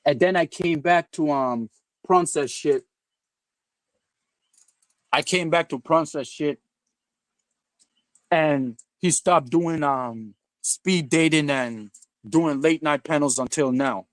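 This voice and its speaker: A man hosting his own livestream, talking in a loose, meandering way, full of "um"s and restarts. His voice sits a little high for a man. The sound is dry and close, with no room around it. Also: dry recording. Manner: rambling, halting, many fillers and restarts. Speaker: livestream host. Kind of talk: rambling casual stream chat.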